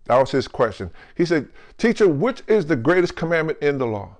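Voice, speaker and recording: A male pastor preaching a lively, jokey sermon, who keeps calling out to the congregation and slows down to stress scripture words. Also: on the high side. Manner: calls out to the congregation with questions like "right?" and "come on".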